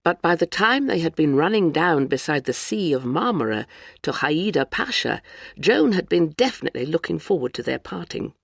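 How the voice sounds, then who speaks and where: An audiobook narrator giving a measured, even scripted narration of a novel. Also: medium pitch, vocal fry, slightly rough, dry recording, studio quality.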